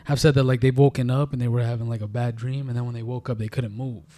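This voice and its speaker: Fast-talking man in casual chat. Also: medium pitch, little pitch movement, warm tone. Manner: fast, rambling, many fillers. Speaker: podcast co-host.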